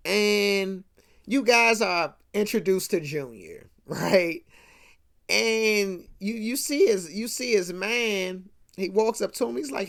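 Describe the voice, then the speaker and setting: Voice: medium pitch, a little slow, vocal fry. A casual host retelling a movie plot in slangy talk, often checking in with the listener. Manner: slangy, keeps checking in with "right?". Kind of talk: casual rant retelling a film.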